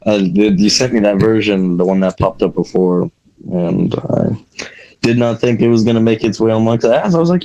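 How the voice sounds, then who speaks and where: An easygoing man with a low voice, a guest on a podcast. He chats casually, repeats himself and chuckles along. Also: expressive, moderate pace, warm tone, lo-fi sound. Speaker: guest, independent wrestler. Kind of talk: casual chat.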